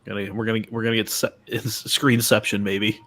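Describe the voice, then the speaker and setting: A man's voice: on the low side, level tone, fairly quick, a bit bright. A man hosting a casual live stream, chatting loosely with many fillers and restarts. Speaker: stream host.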